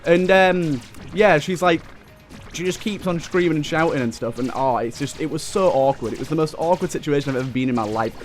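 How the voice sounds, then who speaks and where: A young man with a British accent chats casually while he plays, his voice sitting a little high for a man. He rambles and restarts his sentences as he tells a story. Faint game music plays behind him. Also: a little fast. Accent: British English. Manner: rambling, with frequent restarts and fillers. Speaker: let's play host. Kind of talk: casual storytelling over gameplay.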